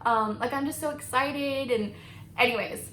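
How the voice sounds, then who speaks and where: A beauty vlogger in her thirties chats casually as she does her makeup, her voice a bit high and bright at normal speed. She laughs often and fills her talk with likes and ums. The room is echoey, with a faint hiss behind her.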